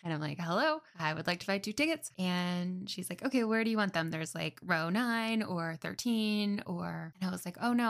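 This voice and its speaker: A young woman hosting her own podcast, telling a personal story in a chatty, self-deprecating way full of fillers. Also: lowish voice. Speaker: podcast host. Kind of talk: casual solo storytelling.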